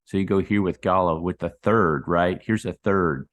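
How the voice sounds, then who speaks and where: A man giving casual commentary on crypto charts, rambling and calling his viewers "guys," with his voice dropping low on those asides. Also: normal speed. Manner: rambling, addresses viewers as guys, drops low on tag words. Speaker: crypto market analyst.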